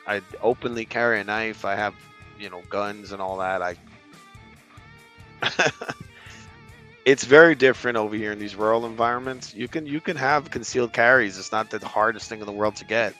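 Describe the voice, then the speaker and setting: A man's voice: fairly low pitch, normal speed, sharp tone, soft background music. A man from Brooklyn talking as a podcast guest in casual chat, blunt and profane, in long run-on stretches. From Brooklyn, New York.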